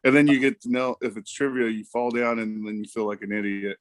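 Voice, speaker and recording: A man's voice: medium pitch, fairly even intonation, fairly quick, no echo. A man co-hosting a recap podcast, teasing his brother with provocative quips. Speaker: podcast co-host. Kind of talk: casual banter.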